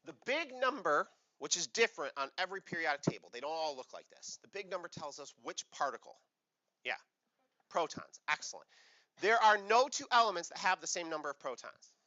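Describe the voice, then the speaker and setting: A man's voice: a little high, fairly quick, highs cut off. A male chemistry teacher giving a playful classroom lecture and quizzing his students. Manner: playful, animated, asks the class questions.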